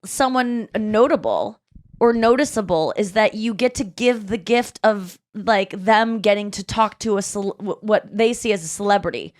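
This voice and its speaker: A woman's voice: medium pitch, moderate pace. A woman in her thirties hosting a podcast, chatting casually and acting out the voices of people in her stories. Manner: animated storytelling, acting out quoted voices. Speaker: podcast host. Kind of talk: casual chat.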